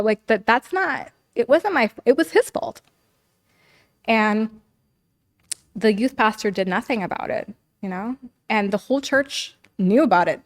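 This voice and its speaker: A woman as a podcast guest, earnestly telling a personal story in casual speech packed with "like" and "you know.". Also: mid-range voice. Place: living in Los Angeles.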